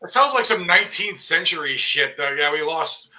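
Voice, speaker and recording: A man's voice: a little high, expressive, moderate pace, sharp tone, far from the mic. A man hosting a casual livestream, dropping dry, wry remarks. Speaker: host.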